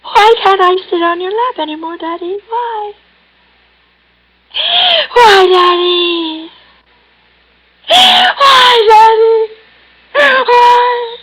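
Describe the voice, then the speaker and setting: A woman's voice: extremely high pitch, normal speed, hardly any pauses, fairly bright tone. An actress in a 1950s radio drama playing a troubled woman patient who is bitterly in love with her psychiatrist. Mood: sobbing. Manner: bitter, mocking, then pleading and sobbing. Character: unstable, lovesick woman patient in therapy. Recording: muffled old radio broadcast.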